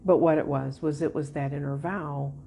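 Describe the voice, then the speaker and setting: A woman with a low, gravelly voice gives a Christian teaching session. She tells a personal story in a relaxed, mellow way, with soft laughs along the way. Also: normal speed, a little hiss or hum.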